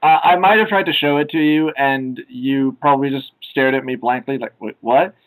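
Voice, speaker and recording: A young man co-hosting a casual podcast, rambling with many filler sounds and now and then shouting out quoted lines. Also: mid-range voice, steady tone, fairly quick, poor audio. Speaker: podcast co-host.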